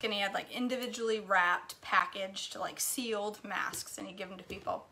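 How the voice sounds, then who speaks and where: A woman's voice: mid-range voice, fairly even intonation, a little fast, few pauses, sharp tone. A middle-aged woman chatting casually in her home kitchen as she cooks, telling stories and laughing often. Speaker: cooking vlogger. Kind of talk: casual chat while cooking, reading comments.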